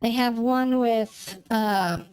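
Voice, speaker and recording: A gaming streamer with a darkish voice on the high side draws out her words, keeping her intonation fairly even. She chats casually during play, rambling and searching for what to say, on a low-quality recording.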